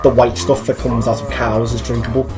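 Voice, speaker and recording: A man's voice: medium pitch, level tone, fairly quick, music in the background. A man, co-hosting a podcast and rambling through jokey stories in casual chat. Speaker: podcast co-host.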